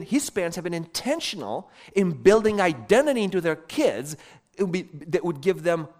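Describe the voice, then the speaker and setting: A middle-aged man preaching a sermon, telling stories in an emphatic, animated way. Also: a little high.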